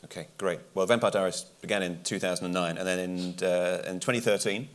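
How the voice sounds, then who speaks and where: A man interviewing a guest onstage, asking quick conversational questions. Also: deep voice, fairly even intonation.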